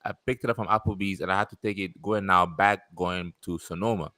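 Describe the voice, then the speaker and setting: A man casually telling an animated story about a delivery, laughing and swearing as he goes. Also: deep voice, fairly quick, no echo. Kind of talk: casual chat.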